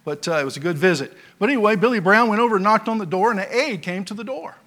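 A man's voice: sits high, lively intonation, fast talker. Folksy storytelling male pastor. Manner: folksy storytelling with many fillers; swings between loud emphasis and quiet asides. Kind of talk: sermon.

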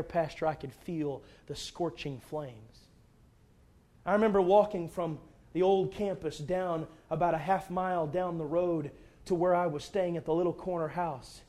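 A middle-aged man preaching a sermon, swinging from hushed tones up to shouting. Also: high voice. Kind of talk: sermon with altar call.

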